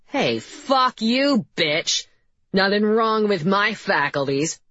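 A woman's voice: lowish voice, animated, takes it slowly, fairly bright tone, dry recording, heavily acted. A woman voicing a rude, defensive male suspect with a nasal, congested voice, in a slightly dull, dry recording. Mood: hostile. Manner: belligerent, swearing.

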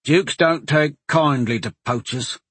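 A man's voice: medium pitch, measured pace, a bit bright, slightly rough, no room sound. A man voicing a blunt, skeptical male soldier in a fantasy audiobook. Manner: blunt, grumbling then encouraging.

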